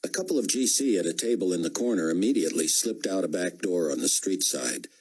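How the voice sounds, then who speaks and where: Deep husky male audiobook narrator. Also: lively intonation, brisk, darkish tone, poor audio. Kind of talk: scripted narration.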